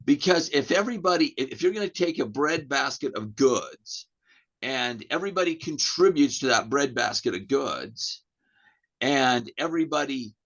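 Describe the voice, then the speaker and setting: An American-accented man, a real estate agent guesting on a podcast, tells a lengthy story in casual interview style, restarting often and acting out conversations. His mid-range voice is gravelly and a bit bright, lively in intonation, at a moderate pace. The recording sounds dull and lo-fi.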